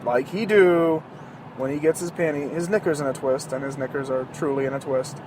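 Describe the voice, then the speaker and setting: A man with a notably high-pitched voice rambles casually from the driver's seat, his talk loose, profane and sarcastic. He jokes his way along as soft road noise hums faintly behind him. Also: fairly quick. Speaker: podcast host. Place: inside a moving car.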